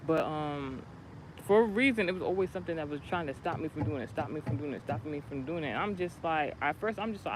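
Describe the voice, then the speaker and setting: A man's voice: on the high side, fast talker. Rambling man talking outdoors by traffic. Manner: rambling, animated storytelling with many restarts. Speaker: vlogger. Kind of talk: casual spiritual vlog talk. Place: outdoors near a street with passing cars. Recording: noisy outdoor street recording.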